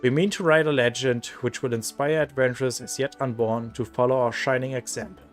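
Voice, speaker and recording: A man's voice: medium pitch, fairly even intonation, a little fast, faint music behind, natural voice. A man voicing an earnest young male adventurer who speaks in a grand, formal way, reading game dialogue aloud. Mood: lofty.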